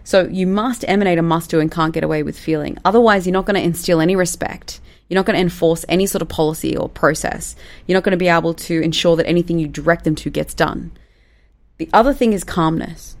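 Talking fast in a lowish voice, this woman coaches managers with casual, straightforward advice and performs quoted lines of dialogue in a playful way.

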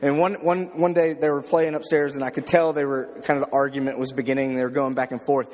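A man's voice: mid-range voice, flat delivery, fast, darkish tone. Man preaching in an echoing hall. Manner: talks informally, checks in with "okay?" and "right?". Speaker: pastor. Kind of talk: conversational sermon.

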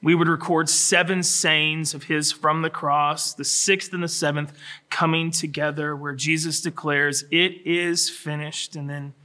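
Male pastor, sermon, bright tone, slightly high voice, dramatic scripture voicing. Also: level tone, unhurried. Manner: dramatic voicing of scripture, swinging from hushed to shouting.

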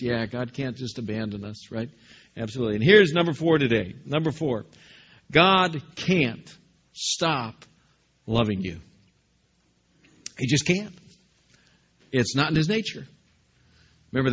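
Bright-voiced male pastor preaching emphatically. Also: medium pitch, highs cut off. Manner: emphatic preaching, questions to the congregation. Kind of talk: sermon.

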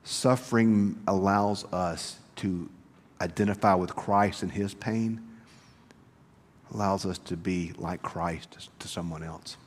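A pastor delivering a sermon, moving between hushed, tender passages and loud, rising preaching. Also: male voice, low-pitched, steady tone, slow. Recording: reverberant church hall.

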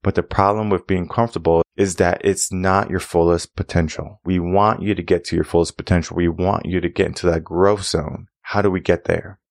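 A man's voice: gravelly, no echo, clean studio sound. A man hosting his own podcast as a mindset coach, telling a story earnestly and acting out the dialogue by lifting his voice. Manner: earnest, repetitive, acts out dialogue with a higher voice.

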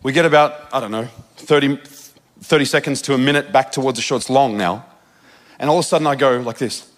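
Preaching in a medium-pitched voice, this Australian-accented man from Australia shares a personal story, tossing in quick asides and chuckling at his own expense.

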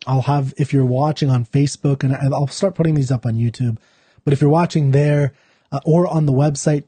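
A man hosting a poetry show, talking loosely with many fillers and restarts, then reading a poem aloud slowly. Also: medium pitch, dark tone, husky, no room sound. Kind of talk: casual talk then slow poetry reading.

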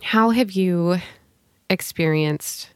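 A woman hosting a casual faith conversation over a video call, speaking reflectively and asking gentle questions. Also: on the low side, takes it slowly, clean tone, dry recording, studio quality.

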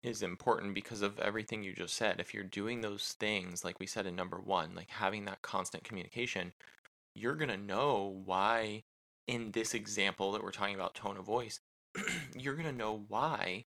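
A man's voice: on the low side, moderate pace, fairly bright tone, low-quality recording. A man co-hosting a casual marriage podcast, explaining things loosely with lots of "you know" fillers. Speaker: podcast co-host.

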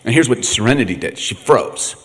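Middle-aged male pastor, lively swooping delivery, laughs often, echoey hall. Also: mid-range voice, fairly quick, husky. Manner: animated, laughing, acts out quotes. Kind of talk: humorous sermon storytelling.

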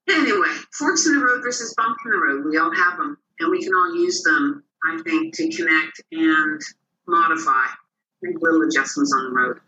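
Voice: medium pitch, lo-fi sound, a little hiss or hum. An interview guest telling personal stories, acting out the voices of the people in them. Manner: animated, acts out quoted voices. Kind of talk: personal storytelling. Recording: roomy and distant.

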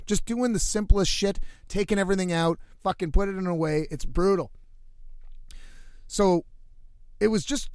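A man with a fairly high voice rambles through a story, swearing freely and casually. He sounds dry and close to the mic, speaking from inside a van. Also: normal speed, dry recording. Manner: profane, rambling, animated storytelling. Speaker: musician living in a van.

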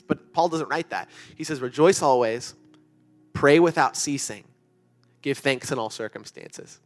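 A young man gives an earnest sermon to students in a church youth room. He talks in a loose, conversational way, full of fillers, at a middle pitch. Faint music plays underneath. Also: unhurried. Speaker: youth pastor.

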